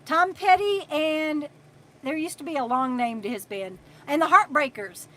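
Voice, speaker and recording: Woman, 60s, high voice, casual live chat, reads comments aloud, meandering pauses. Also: pushed and bright. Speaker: RV vlogger hosting a livestream.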